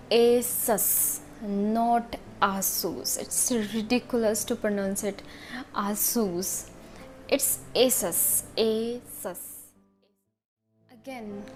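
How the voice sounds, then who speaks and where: Slow, deliberate woman teaching pronunciation. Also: a little high, a little mellow. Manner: slow, deliberate, repeats words carefully. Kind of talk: instructional video explanation.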